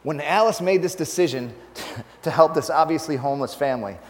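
A man preaches in a storytelling style, breaking into laughter as he recounts an anecdote. His voice sits a little high for a man. The sound carries a long reverb from a large hall. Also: fairly quick, slight background noise. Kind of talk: storytelling sermon.

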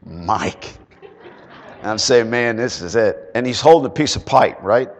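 A man preaching in a large hall, his voice trailing off in a long reverb. He tells his stories with energy, jumping to loud, forceful peaks, then dropping to a hush. His pitch sits in an ordinary middle range. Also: a little slow, slight background noise. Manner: animated storyteller, loud bursts then quiet drops. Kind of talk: sermon with personal storytelling.

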